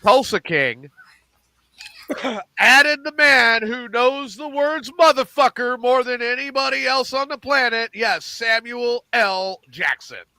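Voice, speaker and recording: A middle-aged man hosting a casual podcast, animated and profane, acting out lines as he recaps TV shows. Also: extremely high pitch, takes it slowly, no echo. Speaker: podcast host.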